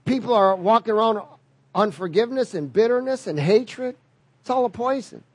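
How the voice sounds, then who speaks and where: A man preaching a sermon in a high-pitched voice, emphatic and repetitive, calling out questions for the congregation to answer. The sound is dry and close, with little room around it. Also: lively intonation, moderate pace, breathy edge, no echo. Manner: emphatic, repeats key phrases, leads the congregation in call-and-response.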